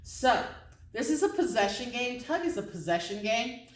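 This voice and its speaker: A woman dog trainer in a casual, chatty way, explaining how to start a tug game with a dog in an instructional video, with high, excited praise for her dog during play. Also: moderate pace, echoey room, far from the mic, rough recording. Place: indoor training space with other dogs around.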